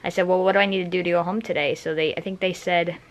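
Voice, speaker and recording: A man's voice: high voice, steady tone, fast talker, rough recording. A young man vlogging casually from a hospital room, tired after surgery, rambling with many fillers and restarts. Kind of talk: casual vlog chat.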